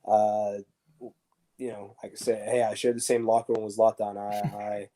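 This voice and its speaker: Brief: male guest, mellow warm tone, lively anecdote teller, podcast interview. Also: lowish voice, normal speed. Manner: animated storyteller acting out dialogue. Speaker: guest, former pro soccer defender. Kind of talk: casual storytelling interview.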